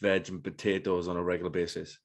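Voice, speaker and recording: A man's voice: sits low, little pitch movement, fast talker. A man hosting a podcast, chatty and laughing often, steering to listener questions. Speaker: podcast host. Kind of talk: casual podcast chat.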